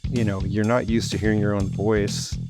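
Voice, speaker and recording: A man's voice: lowish voice, little pitch movement, moderate pace, over loud music. A man hosting a podcast interview, chatting in an easygoing, casual way. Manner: easygoing, casual, uses "man" and "you know". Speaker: podcast host.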